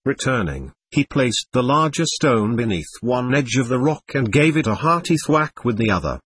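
A man narrating an audiobook in a steady, unhurried storytelling manner. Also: medium pitch, breathy edge.

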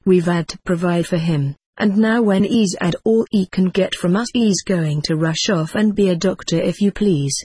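A reader voicing a grasping, resentful working-class father who grumbles and sounds suspicious, with a husky voice. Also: medium pitch, moderate pace, few pauses, a little mellow, no echo.

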